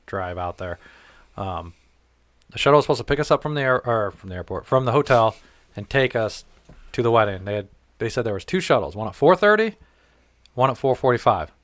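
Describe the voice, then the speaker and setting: A man's voice: medium pitch, a little fast, pauses often, no room sound. A man hosting a podcast, telling a story in casual chat, swearing freely and acting out what people said. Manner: profane, animated, acts out quoted dialogue. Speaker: podcast host.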